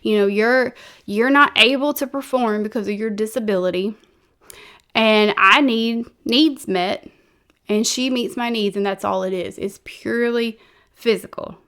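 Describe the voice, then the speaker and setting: A woman's voice: fairly high pitch, measured pace, fairly bright tone, smooth. A woman acting out a smug male cult preacher who brazenly confesses an affair, in a folksy, showy way. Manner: folksy, brazen, showing off to a crowd.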